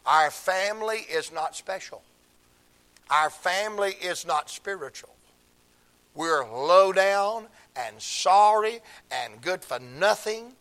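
An older man, preaching a sermon through emotional stories, swinging from hushed tones to shouts. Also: sits high, expressive, takes it slowly.

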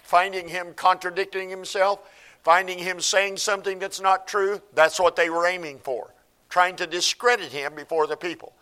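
Man, pastor, sermon, slightly high voice, unhurried delivery, reads scripture aloud. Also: pushed and bright. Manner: reads scripture aloud and comments, calls for amen.

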